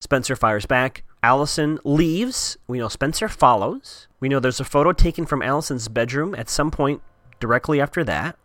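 A man's voice: medium pitch, expressive, normal speed, a bit bright, no room sound, studio quality. A man giving a chatty, wry recap of a TV episode with sarcastic asides.

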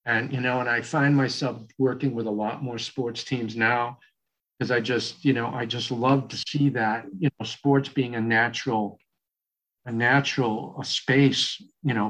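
A man's voice: medium pitch, fairly even intonation, measured pace, a bit bright. A man in his sixties with a Boston accent, a coach telling a long story as a guest in an interview, rambling with many fillers and restarts. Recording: dull, muffled audio.

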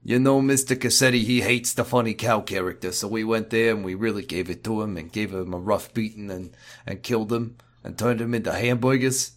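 A man voicing a big, dim, sad muscleman sidekick, talking slowly and haltingly in a comedic podcast role-play. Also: lowish voice, lightly acted. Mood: mopey. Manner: slow, mopey, halting.

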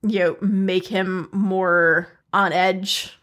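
A woman co-hosting a casual podcast chat in a measured, thoughtful way. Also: mid-range voice, little pitch movement, fairly bright tone. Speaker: podcast co-host.

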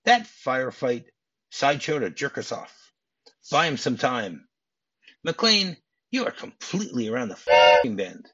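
A man voicing a furious middle-aged male airport police chief, loud and exasperated and swearing. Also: mid-range voice, quick pace, hardly any pauses, breathy edge, lightly acted. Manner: shouting, exasperated, profane. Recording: dull lo-fi podcast audio.

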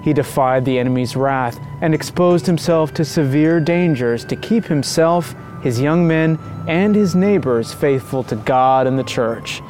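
A man giving measured, reverent scripted narration of a devotional story. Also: fairly high pitch, darkish tone, faint music behind.

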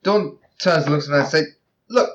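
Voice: medium pitch, fast, fairly bright tone, dull audio. A tabletop game player narrating their own character's actions, dry and blunt.

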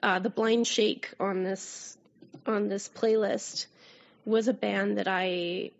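A woman's voice: mid-range voice, steady tone, slow pace, vocal fry. A Canadian woman, a guest writer, chatting and swearing casually on a podcast. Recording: dull lo-fi audio.

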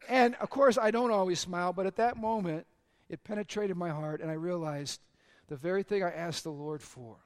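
A middle-aged man, a pastor, preaching a sermon with earnest personal stories, dropping quiet for confessions and lifting for the punchlines. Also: sits high, moderate pace.

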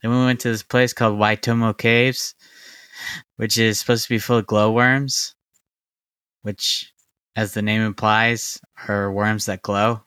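Deadpan male podcast co-host from Arizona; bright, clear tone, relaxed slow pace. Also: fairly low pitch, no echo. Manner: dry, deadpan humor. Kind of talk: casual chat.

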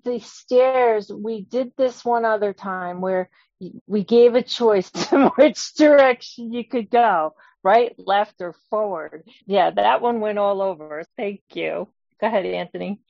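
Slow gravelly woman leading a group. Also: mid-range voice, darkish tone, no room sound, highs cut off. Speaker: group facilitator. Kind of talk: casual group discussion.

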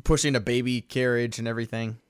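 A man's voice: medium pitch, flat delivery, quick pace, clean tone, no room sound, studio quality. A man co-hosting a podcast, chatting casually and laughing while commenting on a movie, often trailing off with fillers. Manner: laid-back, chuckling, trailing off with fillers. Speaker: podcast co-host.

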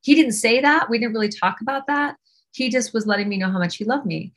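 A woman's voice: fairly high pitch, quick pace, a bit bright. A woman guest on a podcast, candidly recounting a personal story and acting out what she and others said. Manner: earnest, candid, quotes herself and others.

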